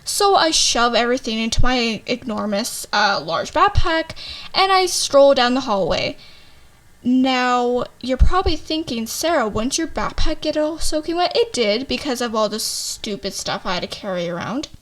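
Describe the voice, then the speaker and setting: A woman's voice: fairly high pitch, expressive, moderate pace, fairly bright tone. A young woman casually telling a storytime tale, full of fillers and "like," and swearing freely. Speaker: vlogger.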